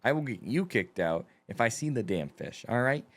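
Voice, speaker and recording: A man's voice: mid-range voice, very animated, normal speed. A man on a podcast, bantering and cracking crude jokes in casual chat. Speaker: podcast guest.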